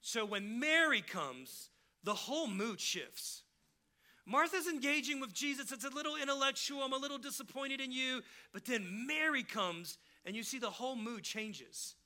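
A man's voice: very high voice, animated, a little slow, bright, forceful tone. A man preaching a sermon as pastor, in a casual, emphatic style, and he acts out the people he quotes.

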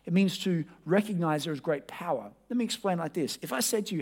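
High-voiced man preaching a sermon. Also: lively intonation, fast talker, few pauses, a little mellow, husky. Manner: conversational and direct, addressing the congregation as friends. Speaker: pastor.

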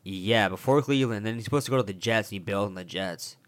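A young man, telling animated, profanity-laden sports stories in casual chat. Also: lowish voice, quick pace.

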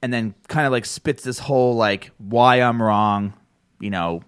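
This podcast host chats casually and tells animated stories, laughing often and swearing freely. His mid-range voice is unhurried and clean, recorded in a clean studio with no room sound.

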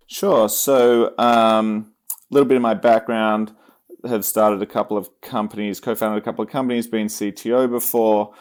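A man from Australia with a mild Australian accent, a podcast guest talking about his work in a relaxed, rambling way with fillers and restarts. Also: fairly low pitch, moderate pace, clean tone. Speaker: podcast guest, engineering executive. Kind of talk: casual interview chat.

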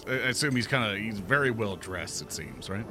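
A man playing a tabletop game, joking casually with halting restarts. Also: lowish voice, expressive, pushed and bright, faint music behind. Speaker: player.

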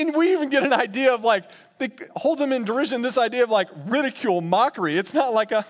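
A man preaching a sermon in an animated, laughing way, acting out quotes in playful voices. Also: very high voice, a little fast. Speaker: pastor.

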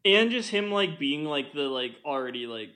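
A man's voice: a little high, big pitch swings, moderate pace, bright, forceful tone. A young man co-hosting a podcast, chatting casually about a film, rambling with lots of fillers and frequent laughter. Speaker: podcast co-host.

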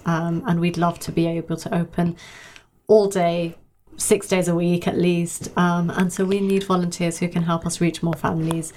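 Woman charity guest, low, flat, steady delivery. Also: moderate pace, slight background noise. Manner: steady and practical, frequent ums. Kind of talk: informative interview answers.

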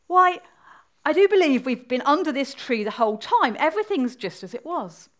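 A woman's voice: medium pitch, animated, normal speed, pitched below the performer's own voice, close to an everyday voice. A woman voicing a puzzled, polite young girl who asks wondering questions in a storybook read aloud.

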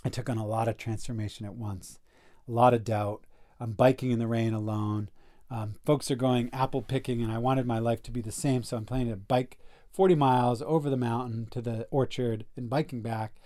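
A man in a casual podcast conversation, telling a personal story in an earnest, animated way. His pitch sits in a middle range for a man. He often fills his sentences with "like" and restarts them as he goes. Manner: earnest and animated, with frequent "like" and self-corrections.

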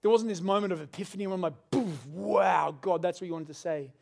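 High-voiced man preaching. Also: fairly quick, vocal fry, darkish tone. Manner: earnest, conversational storytelling. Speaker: pastor. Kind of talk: sermon.

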